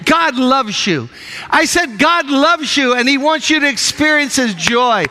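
A man's voice: very high-pitched, lively intonation, unhurried, pushed and bright, in a large hall. A male minister preaching a sermon in church, emphatic and urging the congregation with repeated calls and refrains.

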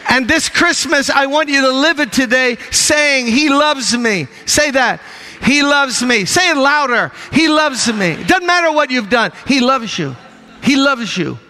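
A man's voice: high-pitched, bright, forceful tone, big-room sound. A male minister preaching a sermon in church, emphatic and urging the congregation with repeated calls and refrains.

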